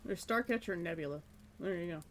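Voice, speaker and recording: Relaxed woman chatting while she draws. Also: fairly low pitch, fast talker, slight background noise. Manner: musing, self-deprecating, breaks into light laughs. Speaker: streamer. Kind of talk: casual chat while drawing on a live stream.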